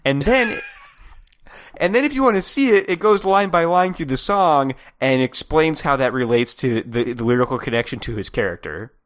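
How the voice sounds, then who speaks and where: A man's voice: medium pitch, lively intonation, moderate pace, a bit bright. A man co-hosting a podcast, talking casually with hesitant stops and many fillers. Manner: hesitant, many fillers and restarts, laughs mid-sentence. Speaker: podcast co-host. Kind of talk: casual chat.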